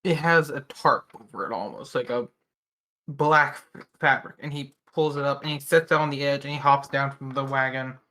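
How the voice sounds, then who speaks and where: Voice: medium pitch, moderate pace, sharp tone. A game master narrating a tabletop game in a hesitant way, with many ums and restarts.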